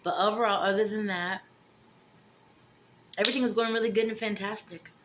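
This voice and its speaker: A woman's voice: fairly quick, background noise. A woman, telling a story in a casual vlog and acting out the dialogue with big jumps in her voice. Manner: animated, acts out dialogue with big pitch jumps. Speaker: vlogger.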